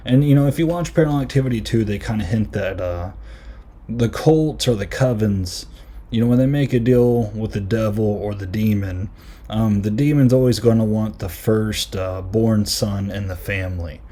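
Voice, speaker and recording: A man's voice: on the low side, moderate pace, mellow. A man hosting a podcast, giving a casual, rambling film review full of fillers and retold lines. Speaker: podcast host.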